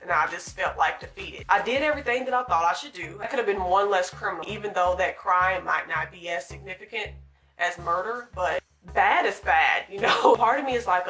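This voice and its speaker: A woman recounting a day at her retail job in a storytime vlog, animated and dramatic, acting out what people said. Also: fairly low pitch. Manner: animated, dramatic retelling with acted-out quotes. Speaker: retail store worker.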